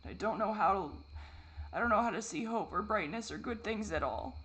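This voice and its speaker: In a confessional vlog, a man with a high-pitched voice speaks haltingly and repeats himself, cursing frequently. His mood moves between distress and a gentle, wry self-mockery.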